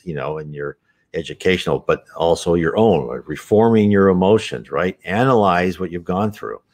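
A man hosting an unscripted spiritual talk, earnest and rambling, with frequent restarts and asides. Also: low voice.

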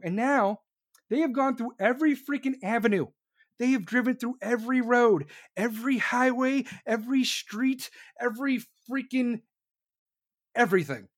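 A host in full rant, swearing constantly and dripping with sarcasm. The voice sits at a middle pitch, and the talk runs fast and heated, hammering the same points over and over and slipping into mocking impressions of officials. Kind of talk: profane ranting commentary.

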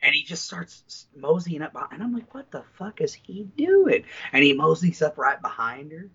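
A man with a high, bright voice tells rambling, profane family stories in casual podcast chat. The audio is slightly dull and lo-fi. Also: very animated, normal speed, gravelly, slightly rough. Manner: profane, rambling anecdotal storyteller. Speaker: podcast co-host.

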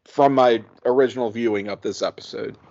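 A man's voice: mid-range voice, a little fast, gravelly, a little mellow. A man on a podcast chatting casually, laughing often and restarting his sentences. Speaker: podcast co-host or guest. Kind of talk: casual chat. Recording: muffled podcast audio.

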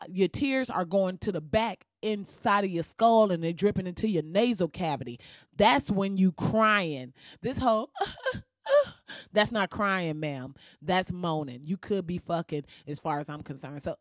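A woman ranting in a blunt, profane and sassy way as she comments on someone else's video, with sudden jumps in pitch. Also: a little mellow, no echo, clean studio sound. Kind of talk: casual reaction rant.

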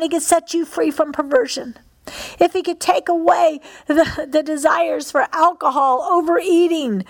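A woman preaching and praying fervently to a congregation, repeating phrases and exhaling between lines. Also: high-pitched. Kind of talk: sermon with prayer. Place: church service with congregation.

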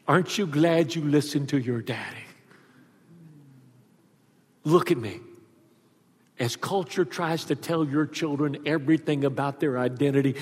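Middle-aged male pastor, high voice, animated sermon storyteller, reverberant hall. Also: breathy edge. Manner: animated, acts out voices in his stories.

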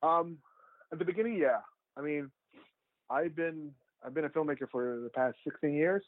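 A man's voice: a little high, moderate pace, no room sound. A man who makes documentaries, telling his story in a casual, rambling way full of "like" and restarts. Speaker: documentary filmmaker. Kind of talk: casual storytelling interview answers. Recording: tinny phone-like line, dry.

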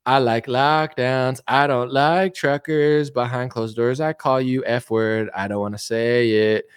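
A man mocking a male politician in a slow, sing-song, childish voice. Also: medium pitch, steady tone, clean tone, no echo, clean studio sound, lightly acted. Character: mocking parody of a male politician, smug and simple.

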